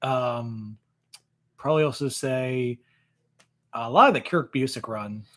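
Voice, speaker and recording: A man joining as a guest in a casual live Q&A chat, pausing with ums and getting animated when sharing opinions. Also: medium pitch. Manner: thoughtful, pauses with ums, gets animated on opinions.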